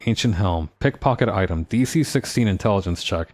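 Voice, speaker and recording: A man's voice: fairly low pitch, lively intonation, fairly quick, darkish tone. A man streaming a game live, reading its text aloud with playful comments.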